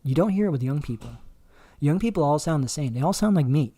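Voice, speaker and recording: A man hosting a livestream, talking in a rambling, halting way with many fillers and restarts. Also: on the high side, expressive, dark tone, no echo. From Canada. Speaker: livestream host. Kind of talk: casual livestream commentary.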